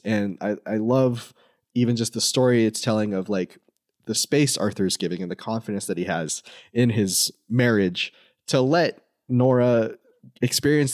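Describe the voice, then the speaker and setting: A young man co-hosts a film podcast, working through his thoughts with lots of pauses and restarts. His voice sits a little low and comes across dry and close to the mic. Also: dry recording. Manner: thoughtful, many fillers and restarts. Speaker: podcast co-host. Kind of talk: casual film discussion.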